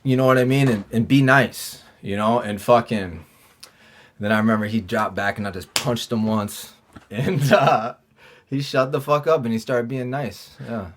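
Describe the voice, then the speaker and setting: Guesting on a podcast, a former prisoner recounts his time behind bars in loose, profane conversation, stumbling through fillers and restarts and acting out quoted exchanges between himself and others. He speaks in a mid-range voice with fairly even intonation at normal speed, with a little hiss or hum.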